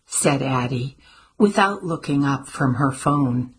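A woman narrating an audiobook in a calm, measured storytelling manner. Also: very deep voice, slightly rough.

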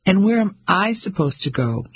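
A man with a raspy voice voicing a proud, indignant middle-aged English wife who speaks in clipped, cold tones. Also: high-pitched, sing-song, moderate pace, voice pushed up, heavily acted. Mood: bitter.

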